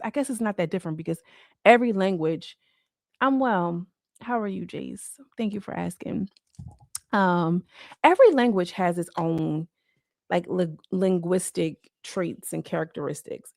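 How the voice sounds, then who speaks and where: A woman talks to her live-stream viewers from home in a loose, rambling way, peppering every thought with "like." Her voice sits on the low side with a gravelly, fry-laden edge. The sound is dry and close, with no room echo. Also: normal speed, darkish tone. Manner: rambling, loose, full of "like" fillers. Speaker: livestreamer. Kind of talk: casual live-stream chat.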